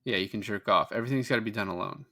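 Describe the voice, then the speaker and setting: A man's voice: fairly low pitch, rapid-fire, sharp tone. A man co-hosting a podcast, casually recapping a film in a rambling, profane way. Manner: rambling, profane, quotes characters in passing. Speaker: podcast co-host.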